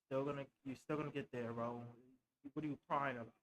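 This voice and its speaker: A man's voice: medium pitch, fairly even intonation, fast talker, rough recording. A young man co-hosting a podcast, telling a story in loose casual chat and acting out what people said. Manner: loose storytelling, acts out quotes. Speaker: podcast co-host.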